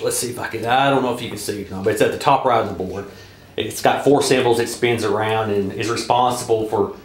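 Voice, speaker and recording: A man with a Southern US accent casually walking through a board game's rules, halting often with filler sounds and restarts. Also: on the low side. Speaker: board game reviewer. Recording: echoey room.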